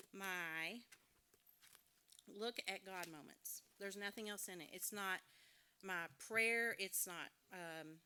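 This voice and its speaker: Woman, middle-aged, frank and chatty devotional speaker, clear tone. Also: mid-range voice, sharp tone. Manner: candid, conversational, self-deprecating humor. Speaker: conference speaker. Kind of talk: devotional talk to a women's audience.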